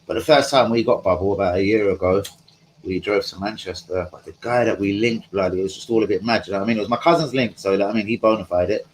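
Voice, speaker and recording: A man's voice: on the low side, fast talker, slight background noise, poor audio. A man hosting a live stream from home, chatting casually in a rambling, slangy way and talking to his viewers. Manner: rambling, slangy, talks to chat.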